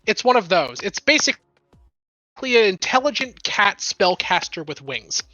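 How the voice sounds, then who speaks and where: A woman game master narrates a tabletop game with a bright, lively voice that rises and falls a lot. She giggles often between descriptions, and her voice sounds close and dry. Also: medium pitch, moderate pace, no room sound, muffled recording, soft background music.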